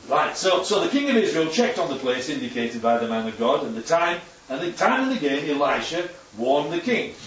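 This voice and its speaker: A man's voice: fairly high pitch, slight background noise. A man giving an informal Bible talk as a preacher, chatty and often checking in with his listeners. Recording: echoey, distant, dull sound.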